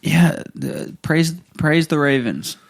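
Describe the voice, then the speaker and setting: A young male podcast co-host recaps games play by play in casual chat. His voice sits a bit higher than most men's and swings widely in pitch. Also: takes it slowly, creaky. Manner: excited sports recaps told play by play.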